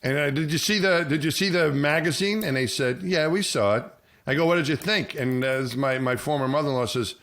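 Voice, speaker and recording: A man's voice: a little high, brisk. Rambling middle-aged storyteller man. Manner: rambling, many restarts, animated when quoting people. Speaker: podcast co-host, former astronaut. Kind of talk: casual storytelling chat.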